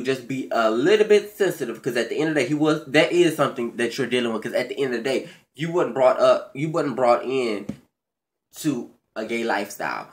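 Sassy, profane man ranting in a recap. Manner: sassy, profane, animated, with swooping pitch. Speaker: vlogger recapping a reality show. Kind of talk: casual recap rant.

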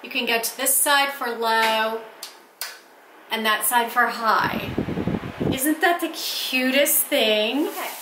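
A woman's voice: fairly high pitch, slow pace, background noise. A woman chatting to camera in her home office, gushing over the things she bought. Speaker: vlogger showing purchases. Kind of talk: casual haul chat to camera. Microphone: camera set on a small table. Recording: echoey room.

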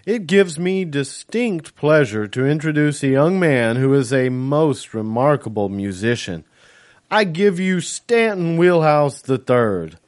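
A man's voice: a little high, lively intonation, measured pace, pitched above the performer's own voice. A man voicing a cheerful older male music manager who announces things in a formal, genial way. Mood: ceremonious.

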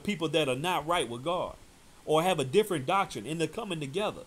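Fiery, animated preaching man. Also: a little high, fast. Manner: fiery, scolding, quotes scripture loudly. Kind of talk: preaching commentary over a debate clip.

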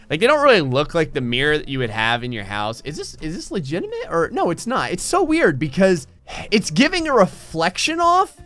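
A young man hosting casual gameplay commentary, telling rambling, animated stories while he plays. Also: on the high side. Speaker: gaming channel host.

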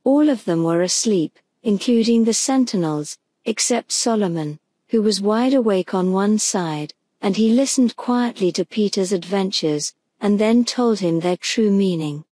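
A woman narrating a gentle bedtime story for sleep, slow and soothing. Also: medium pitch, lively intonation, no room sound. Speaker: audiobook narrator.

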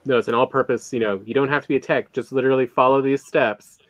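A man's voice: medium pitch, fairly even intonation, quick pace, dry recording. A man streaming a game, chatting casually in a rambling way and often trailing off mid-thought. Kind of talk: casual gaming chat.

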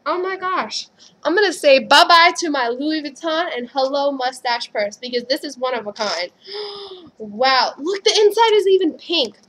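High-voiced young woman gushing on vlog. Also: measured pace. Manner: gushing, squealing with excitement. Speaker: vlogger. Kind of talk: casual haul vlog.

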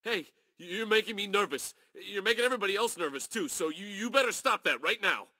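A man's voice: high voice, lively intonation, fairly quick, bright, forceful tone, no echo, clean studio sound, full character voice. A man voicing a nervous, edgy civilian in a video game. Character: jumpy nervous male civilian.

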